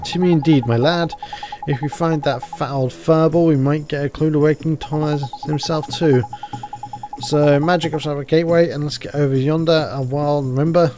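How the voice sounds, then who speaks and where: A man gives voice to a small, cheeky fairy sidekick who chatters in a folksy, chummy way and keeps tagging questions onto his remarks. The voice sits slightly high. Soft game music runs quietly behind him. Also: fairly even intonation, moderate pace, natural voice. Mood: chatty.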